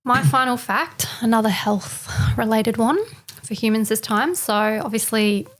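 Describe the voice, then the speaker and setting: A woman's voice: fairly high pitch, a little slow. A woman on a casual panel chat, sharing a fact in a chatty, informal way. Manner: chatty and informal, says "kinda" and "like".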